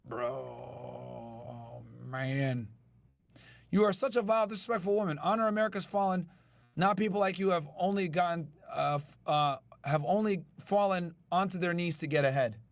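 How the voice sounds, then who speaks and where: A man's voice: fairly high pitch, moderate pace, gravelly, no echo. A male podcast host in casual chat with his live chat, brash and profane. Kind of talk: casual chat reacting to news.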